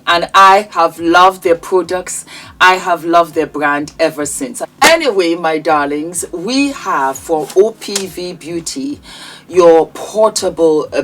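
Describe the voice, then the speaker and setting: A woman's voice: fairly low pitch, slight background noise. A woman presenting her own products in a casual vlog, gushing and calling her viewers endearing pet names. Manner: effusive, showers viewers with endearments.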